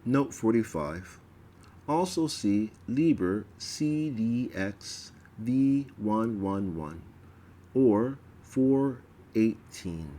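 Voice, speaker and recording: Male reader, unhurried ritual-text reading, faint hiss behind. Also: on the low side, dark tone. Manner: slow, measured reading with stumbles.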